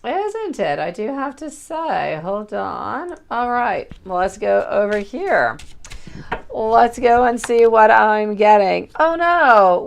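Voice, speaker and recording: A woman's voice: fairly high pitch, very animated, slow pace, vocal fry. A woman giving a chatty, affectionate livestream tarot reading and calling viewers sweetie. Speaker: tarot reader.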